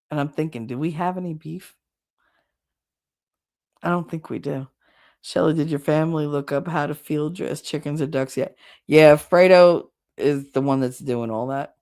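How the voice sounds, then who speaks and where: A woman with a New Jersey accent hosting a casual livestream chat, chatty and blunt, her voice going hoarse from talking so long. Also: sits low. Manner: chatty, rambling, blunt with swearing. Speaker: livestream host reading chat.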